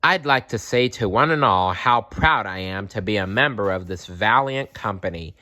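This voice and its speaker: A man's voice: lowish voice, animated, moderate pace, sharp tone. A man voicing a kindly old male badger who speaks in a grand, formal way. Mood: warm. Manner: grand, formal speech-making.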